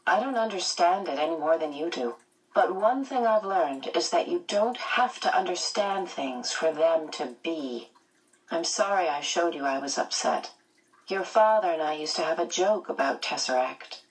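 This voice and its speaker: A woman voicing a calm mother who speaks in a steady, gentle, reassuring way. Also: sits low, fairly quick, few pauses, recorded from a distance, poor audio.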